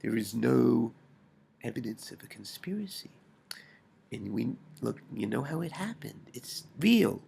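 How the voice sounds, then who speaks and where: Gravelly, husky man rambling intensely. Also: mid-range voice, very animated, darkish tone. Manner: rambling and intense, often dropping to a whisper; swearing, halting restarts. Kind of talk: personal video message.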